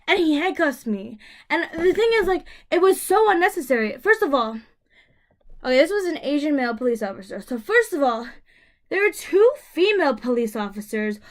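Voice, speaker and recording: A woman's voice: high-pitched, big pitch swings, brisk. A young woman vlogger telling a personal story to camera, emotional and rambling, with many fillers and restarts.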